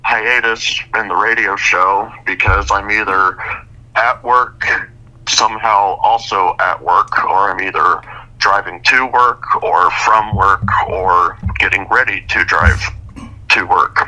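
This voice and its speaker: A man's voice: on the low side, takes it slowly, pushed and bright, rough recording. A man, a regular on a radio show, speaking plainly and matter-of-factly.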